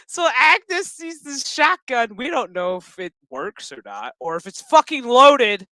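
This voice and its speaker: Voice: mid-range voice, measured pace, no echo. A speaker casually recapping a show episode, swearing freely in slang. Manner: profane, slangy, animated storytelling.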